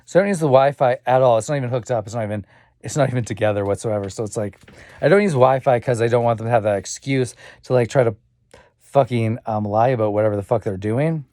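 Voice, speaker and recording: A man's voice: medium pitch, fast, warm tone, no echo. A young man talking in a rambling, repetitive personal monologue, swearing often and muttering asides. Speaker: vlogger.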